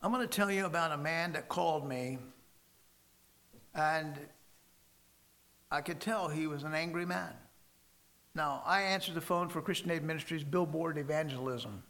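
A man preaching a sermon and telling stories emphatically, with sudden loud stresses and soft drops. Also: fairly high pitch, moderate pace, long pauses.

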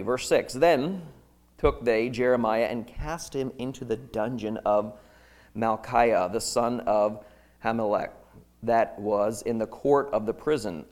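A man preaching a sermon, reading scripture dramatically and talking off the cuff with halting restarts, swinging from loud pleas to quiet reflection. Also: medium pitch.

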